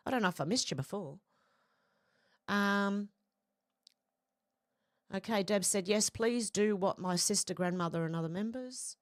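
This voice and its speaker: A woman's voice: medium pitch, normal speed, dry recording, studio quality. An Australian woman hosting a casual live stream, reading viewer comments aloud in a chatty, slangy way.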